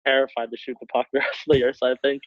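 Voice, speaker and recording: A man's voice: mid-range voice, very fast, no room sound. Young man laughing through a story, phone-line sound. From Canada. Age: young adult. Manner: laughs often while telling stories, relaxed, filler-heavy. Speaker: guest, hockey player. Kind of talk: casual storytelling. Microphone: call over internet. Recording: tinny phone-like line, dry.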